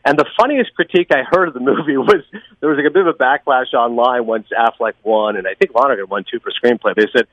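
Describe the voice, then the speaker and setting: Homem falante e rápido. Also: male voice, mid-range voice, dry recording, dull audio. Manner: fast, enthusiastic, talkative. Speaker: podcast guest, film critic. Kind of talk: casual podcast chat.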